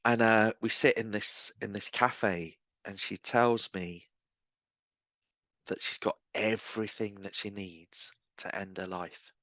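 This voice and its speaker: A man's voice: lowish voice, fairly even intonation, slow, a bit bright, dry recording. A man, a street evangelist guest, telling stories earnestly and acting out the voices of people he quotes. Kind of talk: storytelling conversation.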